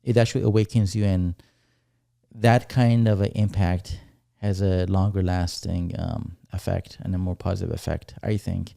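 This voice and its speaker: A man co-hosting a podcast, talking things over in a reflective, unhurried way. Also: low voice, little pitch movement, creaky, warm tone, no echo, clean studio sound. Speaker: podcast co-host. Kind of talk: casual chat.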